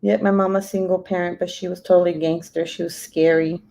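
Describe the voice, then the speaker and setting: A woman's voice: lowish voice, little pitch movement, a little fast, vocal fry, warm tone. A young adult woman telling a story on a casual live stream, blunt and profane, breaking into laughter often. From Mexican heritage. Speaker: vlogger.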